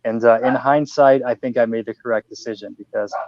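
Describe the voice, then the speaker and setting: A man's voice: medium pitch, fairly quick, dry recording. Joking male podcast host on a lo-fi call. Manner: animated, joking, rambling. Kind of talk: casual chat.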